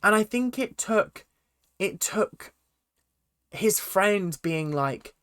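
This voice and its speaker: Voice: medium pitch, expressive, extremely slow, pauses often, fairly bright tone, clear, resonant tone, no echo, studio quality. A speaker giving a casual, chatty recap of a reality TV episode and acting out quotes in silly voices. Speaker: reality TV reaction vlogger.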